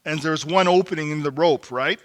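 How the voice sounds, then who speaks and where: A man's voice: a little high, a little fast. A middle-aged man speaking to a men's group, telling a folksy story and acting out the quotes he tells. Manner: folksy, acts out quotes, rises to emphatic exhortation. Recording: long hall reverb.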